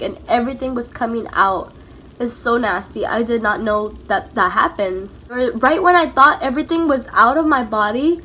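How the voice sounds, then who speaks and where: Young woman, high-pitched, chatty storytime, lots of "like", tearful at times, faint room noise. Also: fairly bright tone. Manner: chatty, emotional, full of "like". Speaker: mom vlogger. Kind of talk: casual storytime.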